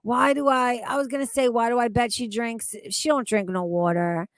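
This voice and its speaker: A woman's voice: on the high side, steady tone, moderate pace, dry recording, studio quality. A woman streamer reacting to videos, with crude, mocking and incredulous commentary full of swearing.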